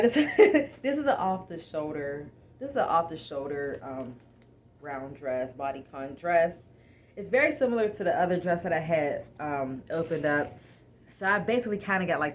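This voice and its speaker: A woman with a somewhat low voice talks casually through an unboxing at home, lively and exasperated, turning to her viewers as y'all. A faint hiss of noise sits under her voice. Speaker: haul vlogger.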